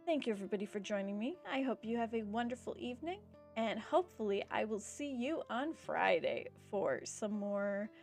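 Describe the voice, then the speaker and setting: A woman's voice: fairly high pitch, a little mellow. Chatty woman streamer, rambling. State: has the hiccups. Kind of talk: casual stream sign-off chat.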